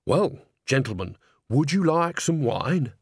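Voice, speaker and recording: A man's voice: on the high side, very animated, slow, slightly rough, dry recording, clean studio sound, pitched above the performer's own voice, heavily acted. A man voicing a gossipy, cheerful old witch woman who bustles and chats slyly in a storybook reading. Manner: bustling, chatty, sly.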